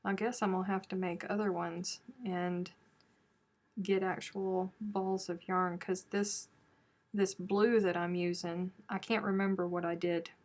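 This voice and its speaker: A woman's voice: lowish voice, flat delivery, a little slow, a little mellow. A woman hosting a crochet live stream from home, chatting casually and teasing her viewers. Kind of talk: casual chat reading viewer comments.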